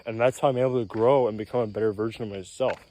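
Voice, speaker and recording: A man vlogging outdoors in casual self-improvement talk, a little out of breath, rambling and clearing his throat, often tagging "right?". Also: on the low side, fairly even intonation, very fast, mellow. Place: outdoors in nature, mosquitoes around. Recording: faint outdoor noise with insects.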